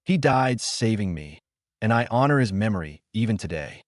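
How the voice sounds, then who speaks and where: A man's voice: fairly low pitch, very animated, normal speed, no echo, clean studio sound. A man voicing a jaded adult ninja teacher who growls and broods, in a storybook reading. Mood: solemn.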